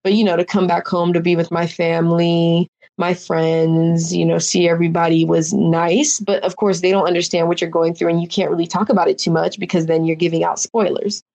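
A young woman recounting her experience as a contestant in a casual, emotional interview. Her voice sits slightly low. She rambles, fills her sentences with little fillers, and circles back on her thoughts. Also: flat delivery, a little fast, creaky, hardly any pauses, darkish tone. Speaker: reality show contestant, guest.

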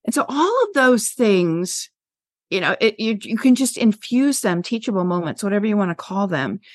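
A woman's voice: mid-range voice, big pitch swings, normal speed, dry recording, clean studio sound. Passionate older woman teacher. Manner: passionate, storytelling, emphatic. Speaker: veteran health teacher, guest. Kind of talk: podcast interview.

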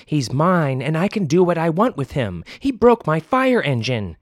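A man's voice: fairly high pitch, big pitch swings, unhurried, dry recording, clean studio sound, pitched above the performer's own voice. A man playing a petulant angry little boy. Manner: sulky, petulant shouting.

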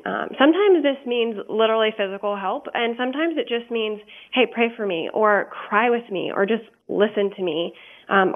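Woman radio guest, candid and earnest, frequent ums, narrow tinny phone-style audio. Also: mid-range voice. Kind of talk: radio interview.

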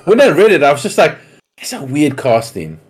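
A man's voice: fairly high pitch, big pitch swings, a little fast, slight background noise. A man co-hosting a casual podcast chat, rambling and swearing freely as he rants. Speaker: podcast co-host.

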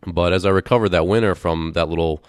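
A man's voice: sits low, fast talker, no room sound, clean studio sound. A young man hosting a podcast, telling a candid, rambling story in a casual way with fillers and restarts. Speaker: podcast host.

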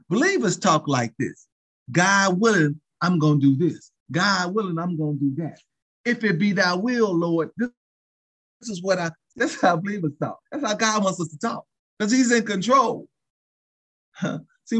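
Husky preacher man, rising and falling. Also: fairly bright tone. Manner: call-and-response preaching with frequent "saints" and "thank you, Jesus"; chuckles between phrases, pitch swings widely. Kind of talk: sermon.

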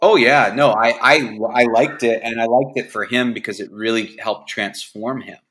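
A man's voice: medium pitch, moderate pace, fairly bright tone. A man co-hosting a podcast, agreeing and thinking aloud with restarts. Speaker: podcast co-host. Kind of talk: casual movie discussion.

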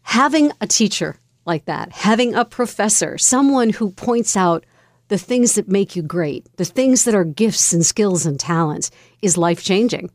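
A woman hosting a broadcast interview, asking measured, encouraging questions. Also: mid-range voice, lively intonation, dry recording, clean studio sound. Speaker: interview host.

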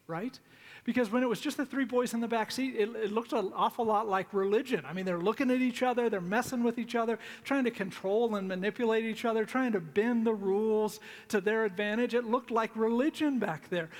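A middle-aged man preaching a sermon, telling stories in a conversational way and slowing down to plead. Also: high voice. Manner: conversational storytelling with pleading, dramatic pauses. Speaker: pastor.

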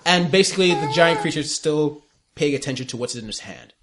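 A man's voice: fairly high pitch, lively intonation, fairly quick, a bit bright. A man narrating as game master of a tabletop game, describing scenes with laughs and restarts.

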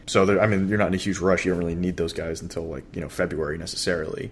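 Low-voiced man chatting baseball. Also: very fast, slight background noise. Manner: relaxed, chatty, lots of fillers and restarts. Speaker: podcast co-host. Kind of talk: casual baseball chat.

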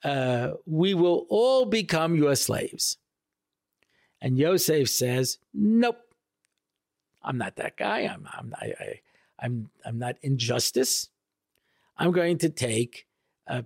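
Animated rabbi with a gravelly voice. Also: male voice, dry recording, clean studio sound. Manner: animated, jokey, acts out quotes with big pitch jumps. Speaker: rabbi giving a weekly Torah talk. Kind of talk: casual storytelling sermon.

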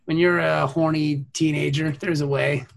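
A man's voice: on the high side, level tone, normal speed, vocal fry, dry recording. A man hosting a podcast, chatting crudely and laughing often with his co-hosts. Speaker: podcast host. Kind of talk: casual chat.

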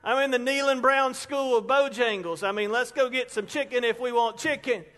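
A man preaching a storytelling sermon as a pastor, chatty and conversational, building his stories up to loud peaks. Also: very high-pitched, normal speed. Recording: long reverb of a large hall.

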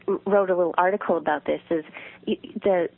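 A woman's voice: on the low side, fairly even intonation, brisk, vocal fry, no echo. Woman interview guest, nurturing loving voice, reflective storyteller, dry, phone-line sound. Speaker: guest, writer. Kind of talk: casual interview chat.

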